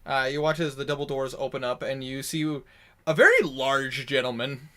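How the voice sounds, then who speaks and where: A man's voice: mid-range voice, animated, moderate pace, bright, forceful tone. A man narrating a tabletop game as game master, in a rambling, descriptive way.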